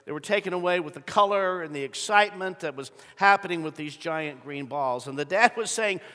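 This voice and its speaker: A middle-aged man preaching to a congregation, telling a story and building to loud emphatic peaks, with frequent throat clearing. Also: a little high, brisk. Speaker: pastor. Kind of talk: sermon. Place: large church sanctuary. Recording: long reverb of a large hall.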